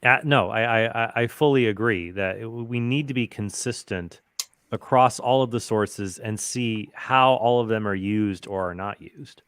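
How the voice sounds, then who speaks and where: Low-voiced man laying out an argument. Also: a little slow, fairly bright tone, clear, resonant tone, no room sound, clean studio sound. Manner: explanatory, argumentative. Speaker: debater. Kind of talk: casual discussion.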